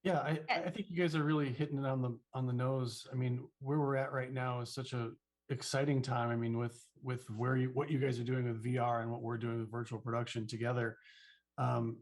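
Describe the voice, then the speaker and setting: A man speaking as a virtual production panelist, thoughtful and measured, often saying "you know". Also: medium pitch, little pitch movement. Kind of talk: convention panel discussion.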